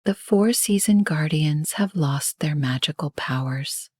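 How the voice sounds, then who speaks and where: A woman's voice: deep voice, breathy edge, no room sound, clean studio sound. Woman whispering as an ancient, kind tree spirit. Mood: gentle. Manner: gentle, wise, slow. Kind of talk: whispered role-play.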